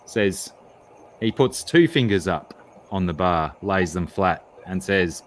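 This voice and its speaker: A man chatting on a late-night stream and telling a long joke in a drawn-out, deliberate way. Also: deep voice, slight background noise. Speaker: stream guest. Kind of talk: casual chat and joke telling.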